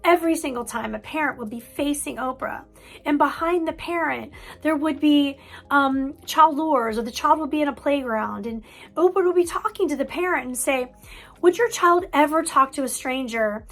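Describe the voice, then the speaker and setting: A woman's voice: high-pitched, normal speed, vocal fry. A woman mental health counselor giving an earnest parent-coaching talk, stressing key points by repeating words. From United States.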